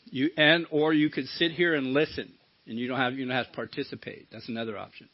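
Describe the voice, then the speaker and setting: A man's voice: medium pitch, steady tone, fast. A middle-aged man giving a candid personal share at a recovery meeting, swearing casually as he tells his story. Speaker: recovery speaker. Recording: dull lo-fi talk recording.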